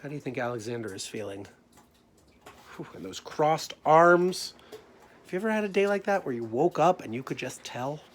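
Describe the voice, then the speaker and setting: A man, a teacher, gently talking young children through his own feelings during a storytime lesson. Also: a little high, animated, normal speed, slight background noise.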